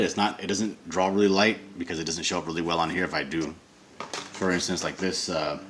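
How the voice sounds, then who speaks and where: In a casual comic-drawing tutorial from his home studio, a man thinks aloud while sketching, rambling and correcting himself. His voice is deep and a bit bright, with a little hiss or hum.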